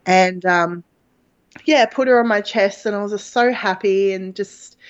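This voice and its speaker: A woman guest speaks at a measured pace in a medium-pitched voice, sharing a personal story in a chatty, candid way and using plenty of fillers. The recording is dull and lo-fi.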